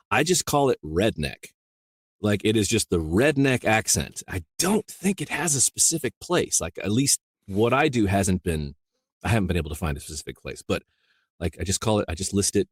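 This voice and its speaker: Deep-voiced rambling man from Iowa. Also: breathy edge, no room sound, clean studio sound. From rural Iowa, US. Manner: rambling, full of "you know" and restarts, laughs easily. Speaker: audiobook narrator, guest. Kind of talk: casual interview chat.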